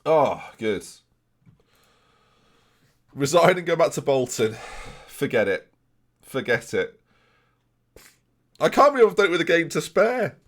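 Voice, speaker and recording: An excitable young man streams a game live, chatting to his viewers in a jokey way. His voice sits fairly high and swings up and down a lot. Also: moderate pace, long pauses. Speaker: gaming streamer.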